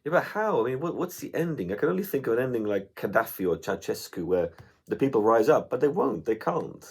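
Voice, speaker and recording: A man's voice: medium pitch, sing-song, quick pace, creaky, a little mellow, slightly rough. A man co-hosting a podcast in casual chat, telling stories and swearing freely. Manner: chatty storyteller, swears freely. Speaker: podcast co-host.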